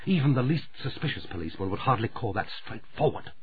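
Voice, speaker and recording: A man's voice: lowish voice, normal speed, breathy edge. A man reading a harsh, scornful middle-aged woman in an audiobook, with a cutting delivery. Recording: lo-fi muffled recording.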